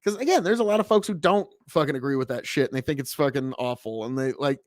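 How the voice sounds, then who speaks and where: A man's voice: medium pitch, fast, dry recording, clean studio sound. A man from the United States hosting a casual reaction show, talking in a rambling, profane way with many restarts. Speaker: host reacting to a video.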